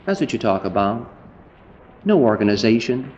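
Man preaching an animated, fervent sermon. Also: a little slow, low-quality recording. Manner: emphatic, rising to fervent high-pitched preaching; lists scripture references as he teaches.

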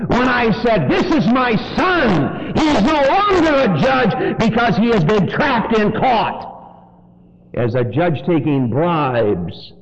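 A man preaching a sermon in church, swinging from loud, high exhortation to low, quiet warning. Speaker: pastor. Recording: dull lo-fi sermon recording with faint noise.

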